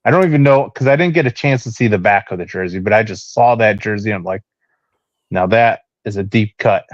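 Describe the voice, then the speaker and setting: A low-voiced man co-hosting a laid-back sports podcast. He rambles, with plenty of "um"s and restarts. The recording is dull and dry, with no room sound. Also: quick pace, no room sound. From Cleveland, Ohio area. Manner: rambling, with many fillers and restarts. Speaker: podcast co-host. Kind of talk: casual sports chat.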